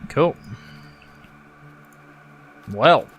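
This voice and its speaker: A man's voice: very slow, no echo. An Australian man reading a story game's text aloud and making sarcastic jokes between lines. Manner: sarcastic, joking. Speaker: game streamer.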